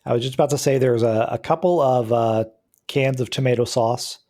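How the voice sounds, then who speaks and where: A man narrating a tabletop game as game master, describing scenes in a halting way. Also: mid-range voice, warm tone.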